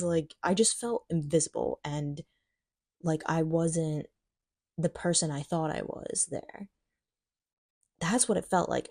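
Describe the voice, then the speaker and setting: A woman's voice: lowish voice, mellow, no room sound, clean studio sound. A young woman telling a personal story in a casual vlog, chatty and full of "like" fillers, acting out her own thoughts. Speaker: vlogger.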